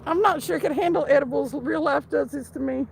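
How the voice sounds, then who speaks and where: A woman's voice: high voice, fairly quick, gravelly, a little hiss or hum, poor audio. A woman live streamer chatting casually and reading her chat aloud, laughing constantly.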